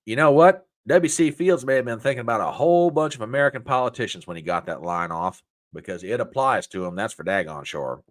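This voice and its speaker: A man hosting a political commentary show, talking in an animated, folksy, indignant way. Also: medium pitch, a little fast, few pauses. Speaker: host.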